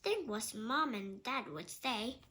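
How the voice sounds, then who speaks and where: A woman's voice: fairly high pitch, expressive, takes it slowly, pushed and bright, full character voice. A woman voicing Chip, an eager young boy, in a children's storybook reading.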